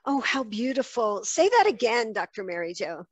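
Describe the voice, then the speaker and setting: A woman hosts an interview over a video call and responds to her guest with effusive encouragement. Her voice sits high and swings widely in pitch, and the sound is dry. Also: very animated, moderate pace, slightly rough, dry recording. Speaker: host.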